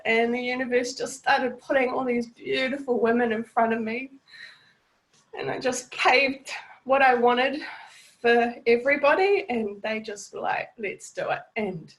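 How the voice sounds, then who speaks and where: A woman's voice: on the high side, moderate pace, fairly bright tone, poor audio. A woman from New Zealand with a New Zealand accent, giving a heartfelt, gushing testimonial on a group video call and swearing casually. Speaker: network marketing team leader.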